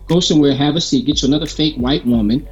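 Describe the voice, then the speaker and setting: A man's voice: fairly high pitch, quick pace, muffled recording, soft background music. A male co-host giving a scathing political monologue in a cutting, sarcastic, mocking way.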